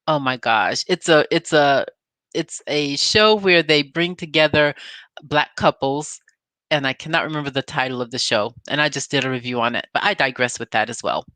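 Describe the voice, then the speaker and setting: A woman's voice: sits low, fairly bright tone, no echo. A woman YouTube reviewer chatting casually through a recap of a TV episode. She talks straight to her viewers and wanders off on side notes before coming back. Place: home recording setup with green screen.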